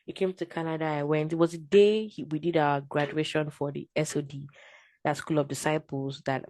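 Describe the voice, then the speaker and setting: Low-voiced woman, guest on a faith podcast, lively testimony, dry close sound. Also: a little fast, dry recording. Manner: animated storytelling, acts out her own quotes. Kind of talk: casual testimony chat.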